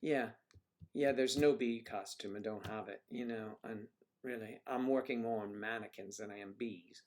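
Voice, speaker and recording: A man's voice: on the low side, fairly even intonation, normal speed, darkish tone. A middle-aged man hosting a casual livestream, joking and chatting with viewers and reading out their comments. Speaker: livestream host.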